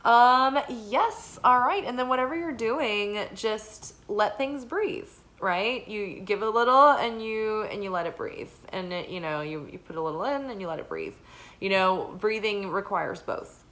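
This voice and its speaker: A young adult woman giving a casual weekly oracle card forecast, talking in a relaxed, meandering way with lots of fillers. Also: mid-range voice, a little slow, rough recording. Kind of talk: casual spiritual forecast chat.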